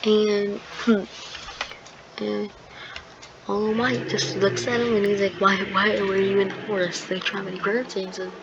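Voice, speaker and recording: A woman's voice: medium pitch, flat delivery, measured pace. A woman casually retelling a fan story in a rambling, hesitant way, full of fillers and restarts. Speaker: video creator. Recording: dull lo-fi sound with clear background noise.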